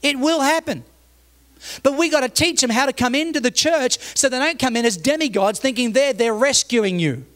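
A man with a high voice preaching a sermon as a pastor. He speaks emphatically, doubling back on words and repeating phrases. He acts out the people in his stories. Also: moderate pace, fairly bright tone. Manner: tells stories, acting out the people in them.

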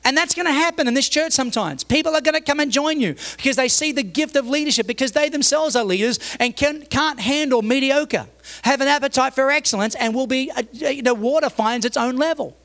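A man's voice: very high-pitched, brisk, a bit bright. A man preaching a sermon as a pastor, emphatic, repeating phrases and restarting as he tells stories. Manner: tells stories, acting out the people in them.

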